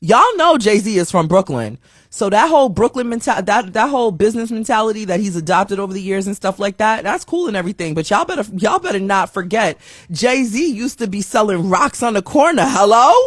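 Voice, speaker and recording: A woman's voice: medium pitch, expressive, brisk, no echo, studio quality. A woman hosting a podcast, casually running through celebrity news headlines in a chatty, slangy, self-mocking way, sometimes tripping over her words. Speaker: podcast host.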